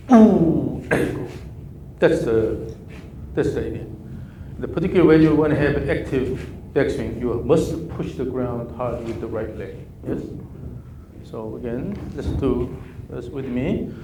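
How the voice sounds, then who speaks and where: A man's voice: medium pitch, mellow, a little hiss or hum. A man coaching a golf student live with clipped instructions and repeated counting cues, a native Korean speaker. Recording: echoey room with faint ambience.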